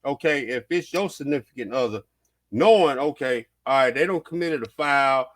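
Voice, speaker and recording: A man's voice: mid-range voice, normal speed. A man hosting a vlog, giving casual, heated reaction commentary, repeating himself and swearing as he riffs. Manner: animated, repetitive, swearing, heated. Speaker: vlog host.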